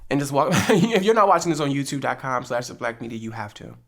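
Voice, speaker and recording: A woman's rumbling low voice moves fast as she, a New Jersey podcast host, recounts a story. It's a casual, animated chat where she laughs frequently and voices the quotes dramatically.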